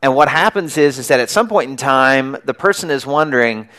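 A middle-aged man preaching a sermon as a church pastor, telling a story with lively acted-out shouts. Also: medium pitch, fairly quick. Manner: animated storytelling, acting out the crowd's and beggar's shouts.

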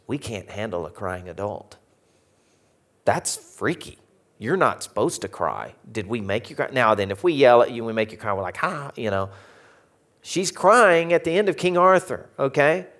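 A man with an Arkansas Southern accent telling a humorous story to an audience, animated and jokey, swinging from loud to hushed. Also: mid-range voice. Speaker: speaker.

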